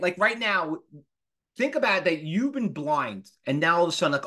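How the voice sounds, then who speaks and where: Man, 50s, higher-pitched instructor; animated lecturer who throws rhetorical questions at the room. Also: normal speed. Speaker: trading instructor. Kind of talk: live class lecture.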